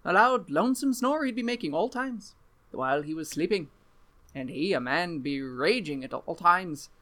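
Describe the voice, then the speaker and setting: A young Irish country lad tells his tale in a high, rolling brogue, as a man puts on the accent. His reading is dramatic and theatrical, with every phrase drawn out. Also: expressive, normal speed, a bit bright. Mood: boastful. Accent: put-on Irish. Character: young rural Irish man boasting of his brutal father.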